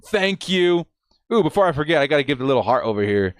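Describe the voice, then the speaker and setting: A man hosting a live stream, reacting with hype, shouting and whooping, and reading out viewer messages. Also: a little high, sing-song, quick pace, no room sound.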